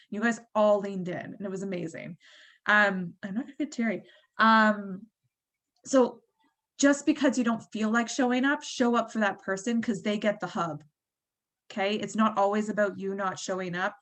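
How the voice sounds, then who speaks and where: A woman's voice: medium pitch, fairly even intonation, moderate pace, a bit bright. Chatty woman leading a team call. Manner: chatty, filler-heavy, encouraging. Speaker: team leader.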